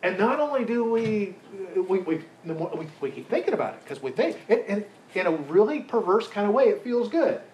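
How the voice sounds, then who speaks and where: A man's voice: high-pitched, very animated, fairly quick, hardly any pauses, a little mellow. A man teaching a Bible study in a chatty, conversational way, asking his group questions as he goes. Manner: chatty, asks the group questions, many restarts. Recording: roomy echo, faint background hiss.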